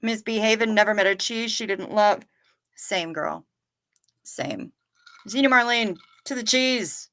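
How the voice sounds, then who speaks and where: This livestream host has a mid-range, fairly bright voice and a measured pace with frequent pauses. She reads her viewers' comments out loud and responds to them in a friendly, apologetic tone.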